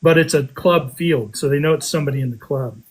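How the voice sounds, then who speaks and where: A man casually telling a story on a podcast, animated, with his voice jumping up high when he quotes himself. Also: a little fast, breathy edge, rough recording. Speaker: podcast guest telling a metal detecting story.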